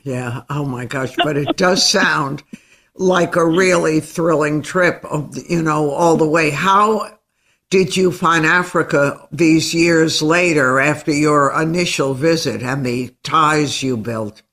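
Bright-voiced, unhurried woman host. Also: sits low. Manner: attentive, encouraging questions. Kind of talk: casual interview.

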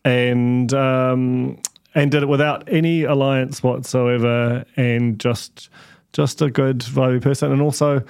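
A man's voice: medium pitch, steady tone, takes it slowly, darkish tone, clear, resonant tone. A man, chatting casually on a podcast panel, rambling with many restarts. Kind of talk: casual chat.

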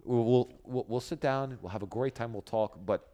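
A man's voice: mid-range voice, moderate pace, warm tone. A man in his forties on a casual chat as a guest, rambling and self-deprecating, stumbling over his words. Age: 40s.

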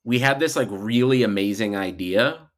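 A man co-hosting a comedy podcast, rambling through his jokes. His pitch jumps around animatedly as he talks. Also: expressive, normal speed. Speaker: podcast co-host. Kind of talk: casual comedic banter.

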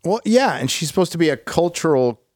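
A man's voice: a little high, big pitch swings, a little fast, darkish tone, no room sound, clean studio sound. A middle-aged man speaking as a podcast guest in casual chat, blunt and outspoken, often repeating words as he starts a sentence.

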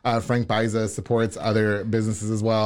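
A man's voice: fairly low pitch, flat delivery, a little fast. A man hosting a podcast interview, chatting casually and switching between English and Spanish, laughing often. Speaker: podcast host.

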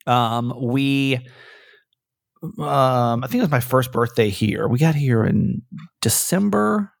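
A middle-aged radio host talks in a rambling, self-deprecating way, often restarting his sentences. His voice has a gravelly edge, and the recording is close and dry with no room sound. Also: mid-range voice, slow, dry recording. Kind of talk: casual chat.

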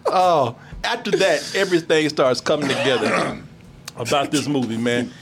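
A man's voice: on the high side, normal speed, noisy background. A man chatting casually about a movie, laughing and swearing as he acts out scenes. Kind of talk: casual movie review chat.

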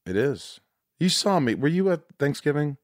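A man's voice: a little high, sing-song, normal speed, no echo, clean studio sound. A man hosting a podcast, talking frankly and emotionally in a rambling, profane way. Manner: rambling with many restarts and fillers. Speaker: podcast host. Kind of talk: casual candid chat.

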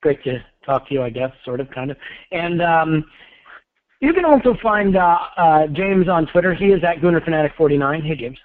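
A man's voice: on the high side, expressive, normal speed, no echo. Wry male host on a tinny phone line. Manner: wry, self-deprecating. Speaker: podcast host. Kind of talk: casual podcast hosting. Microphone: phone call.

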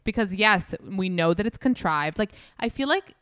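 A woman's voice: mid-range voice, animated, normal speed, fairly bright tone, clear, resonant tone. A woman chatting as a podcast guest, candid and profane, with lots of "like" fillers. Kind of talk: casual podcast chat.

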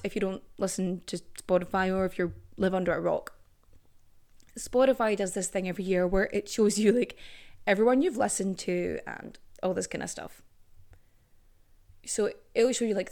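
A woman's voice: mid-range voice, a little mellow. A young woman hosting a solo podcast, chatty and jokey, swearing freely and breaking into playful asides. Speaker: podcast host. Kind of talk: casual solo podcast monologue.

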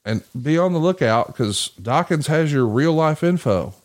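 A man with a fairly high voice speaks at a moderate pace as he hosts a podcast. He tells a story in casual chat, swearing plenty and acting out the voices of the people he quotes.

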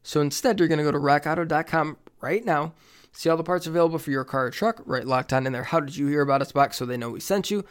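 A man hosting a sports podcast, reading sponsor ads in an energetic, playful way. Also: fairly high pitch, quick pace, clear, resonant tone. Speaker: podcast host. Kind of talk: upbeat ad read and show segues.

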